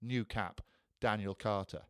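A man's voice: lowish voice, fairly even intonation, a little slow, noisy background. A man co-hosting a casual chat, telling self-deprecating stories with dry humour. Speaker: podcast co-host.

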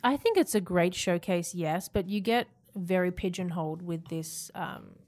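A young Australian woman talking as an interview guest, chatty and quick to laugh, with lots of fillers and restarts. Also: fairly low pitch, darkish tone. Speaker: guest, reality-show dancer. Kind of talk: casual interview chat.

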